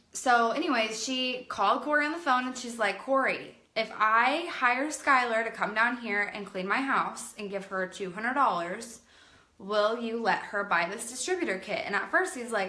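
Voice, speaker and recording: A woman in her late twenties telling a personal story to camera in a chatty, animated way, with plenty of "like". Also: medium pitch. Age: late 20s. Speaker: vlogger. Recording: roomy echo.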